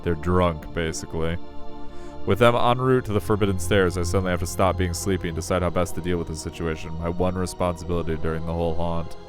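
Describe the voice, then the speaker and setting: A man's voice: low voice, steady tone, quick pace. A man reading a visual novel aloud, wry and self-deprecating as the narrator. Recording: faint music behind.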